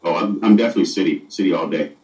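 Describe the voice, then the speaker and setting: A middle-aged city mayor answers interview questions earnestly, his low voice moving very fast with a darkish tone. He often stumbles and repeats his words. The muffled recording was made far from the mic in an echoey room.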